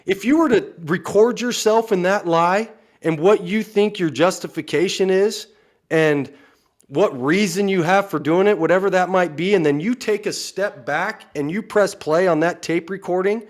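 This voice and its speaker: A man's voice: high voice, normal speed. A man, a coach, talking earnestly and frankly in a casual podcast chat, often saying "you know".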